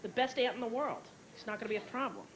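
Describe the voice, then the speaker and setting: A woman's voice: on the high side, fast. A woman in her thirties doing a stand-up comedy routine before a live audience, brashly telling family stories and acting out her relatives. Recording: noisy VHS tape, loud audience laughter. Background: audience laughter.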